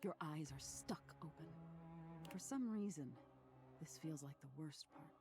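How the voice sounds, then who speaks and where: Hushed, eerie attic ghost. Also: female voice, low-pitched, lively intonation. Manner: slow, hushed, often whispered. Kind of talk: voiced game narration. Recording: game audio with clear music behind.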